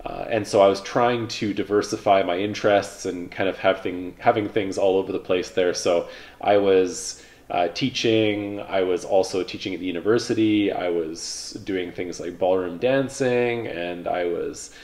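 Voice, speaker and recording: A man in his thirties casually telling stories about his past, relaxed and rambling, with lots of fillers. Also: sits low, moderate pace. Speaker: vlogger, pilot. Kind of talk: casual reflective storytelling.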